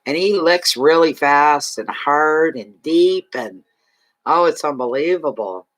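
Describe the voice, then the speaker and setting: Slightly high-voiced guy from canada chatting on a livestream, emotional and gushy. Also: takes it slowly, fairly bright tone. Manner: chatty, emotional, thanks viewers, talks to pet dog. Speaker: livestream fortune reader. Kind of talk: casual livestream chat.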